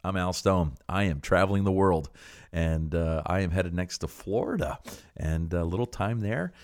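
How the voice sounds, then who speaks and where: A middle-aged man hosting a ministry podcast, talking earnestly and encouragingly, with many pauses and fillers. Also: deep voice, dry recording, clean studio sound. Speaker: podcast host, preacher. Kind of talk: casual podcast talk.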